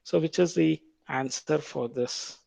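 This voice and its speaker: A man with an Indian English accent lecturing on biology, reading quiz questions aloud, repeating them slowly and explaining the answers patiently. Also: fairly high pitch, gravelly, a little mellow, no room sound. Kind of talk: quiz-style classroom lecture.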